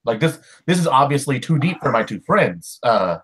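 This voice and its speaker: A man with a slightly husky voice plays his character at a tabletop game. He talks in a nervous, fussy way, stumbling and repeating words as he worries. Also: mid-range voice, big pitch swings, moderate pace, fairly bright tone. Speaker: player.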